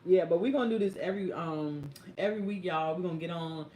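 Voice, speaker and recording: A woman's voice: lowish voice, quick pace, slight background noise. Chatty young woman caregiver, echoey room. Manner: animated, chatty, addresses viewers as y'all and baby. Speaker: caregiver vlogger. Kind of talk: casual live-stream storytelling.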